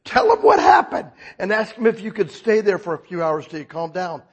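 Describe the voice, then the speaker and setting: A man's voice: high-pitched, huge pitch swings, a little fast, gravelly, slightly rough, muffled recording, heavily acted. A man in his sixties quoting a stern police officer in a firm, commanding voice during a testimony sermon.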